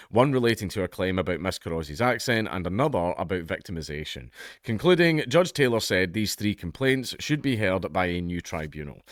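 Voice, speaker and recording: A man's voice: sits low, a bit bright, dry recording, studio quality. A man with a toned-down Scottish accent, reading out a news story and commenting on it in a blunt, sweary, mocking way. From Scotland. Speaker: YouTube commentator.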